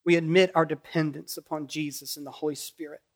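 A middle-aged man with a Kentucky accent preaching a sermon, rising loud when pleading and dropping soft and low in prayer. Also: level tone, fairly quick. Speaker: pastor.

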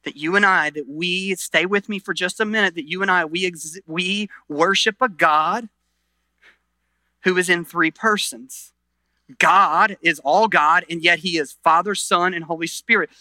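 A middle-aged man preaching a sermon as pastor, earnest, swinging between loud emphasis and quiet intensity, often restarting phrases. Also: high-pitched, a little slow, dry recording.

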